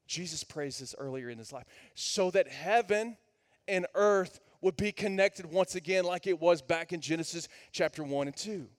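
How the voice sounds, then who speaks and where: A man preaching a sermon to his congregation as their pastor, building to loud, emphatic peaks. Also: high-pitched, normal speed. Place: church sanctuary.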